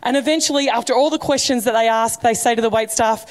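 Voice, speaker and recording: A woman's voice: on the high side, fast. Woman preaching conversationally. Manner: conversational, humorous preaching with acted quotes. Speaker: pastor. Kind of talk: sermon. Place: church.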